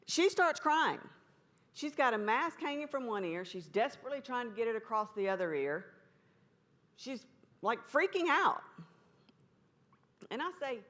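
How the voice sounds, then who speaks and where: A woman's voice: fairly high pitch, sing-song, unhurried, a bit bright. A woman giving a conference talk, telling a story in a folksy, humorous way. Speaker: conference speaker.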